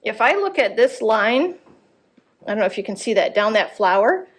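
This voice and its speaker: A woman's voice: on the high side, very animated, normal speed. A woman teaching art, giving a live drawing demonstration at a gallery workshop and thinking aloud as she corrects her lines. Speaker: art instructor.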